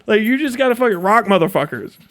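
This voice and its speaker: High-voiced man ranting profanely on stream. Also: lively intonation, fast talker, fairly bright tone. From Ohio, USA. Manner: swears constantly, laughs at his own jokes. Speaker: livestreamer. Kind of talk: profane live-stream rant.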